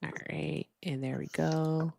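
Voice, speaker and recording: A woman's voice: deep voice, flat delivery, measured pace, creaky, darkish tone. A woman hosting a casual livestream chat, chatty and playful with jokey asides. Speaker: host.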